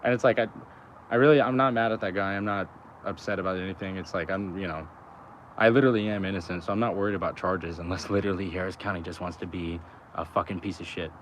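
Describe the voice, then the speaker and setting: A man's voice: low voice, steady tone, fast, slight background noise. A young man talking in a loose, rambling, profane way, full of fillers, outdoors by a road. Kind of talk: casual rambling chat.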